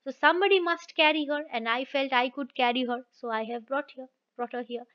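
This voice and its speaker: A woman reading the part of a kind-hearted village wheelwright who explains himself calmly and firmly. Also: sits high, fairly quick, clear, resonant tone, natural voice. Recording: dull lo-fi recording.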